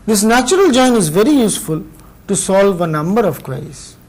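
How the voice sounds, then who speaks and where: A man with an Indian English accent giving a measured university lecture, explaining step by step with pauses between phrases. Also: high-pitched, big pitch swings, a little mellow, rough recording. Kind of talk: recorded classroom lecture.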